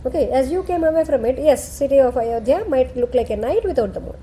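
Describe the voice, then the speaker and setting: A woman's voice: high voice, animated, fast talker, few pauses, mellow, slight background noise. A woman retelling a scripture story and explaining it. She keeps checking in with her listener. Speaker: scripture teacher.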